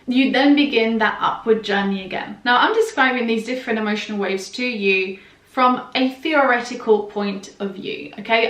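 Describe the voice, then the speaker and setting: A woman explaining a topic in a calm, direct video lesson, speaking straight to the viewer. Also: a little high, reverberant. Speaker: human design teacher.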